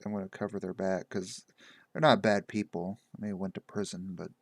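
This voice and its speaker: Low gravelly man rambling casually. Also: flat delivery, normal speed, dry recording. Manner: meandering, loose, lots of "like" and "uh". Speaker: game master recounting a session.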